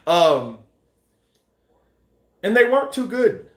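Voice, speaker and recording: A man hosting a boxing news channel, chatting casually and acting out scenes with shouts and sound effects. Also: a little high, sing-song, measured pace, reverberant. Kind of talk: casual live-stream chat.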